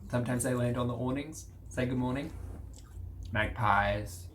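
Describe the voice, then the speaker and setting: An Australian man talks over a video he is reacting to, trading sarcastic asides at a middle pitch. His delivery is dry and casual. Faint ambient noise hangs in the background. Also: normal speed. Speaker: video commentator.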